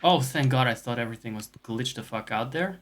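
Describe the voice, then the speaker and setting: A man's voice: medium pitch, expressive, a little fast, fairly bright tone. Male streamer, casual live gaming commentary, crude self-mocking humor. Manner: profane, joking, self-mocking.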